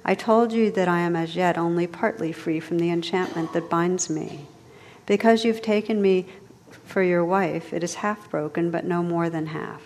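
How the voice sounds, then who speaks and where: A gentle, wise enchanted noblewoman, voiced by a woman reading aloud in a soft, earnest way. The voice sits a little low. A long reverb trails after each phrase. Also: fairly even intonation, normal speed, slight background noise, natural voice.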